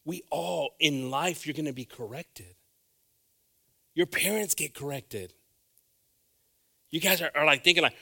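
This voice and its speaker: A man preaching a bilingual sermon, swinging from hushed asides to loud calls and repeating phrases. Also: a little high, moderate pace, vocal fry, long pauses.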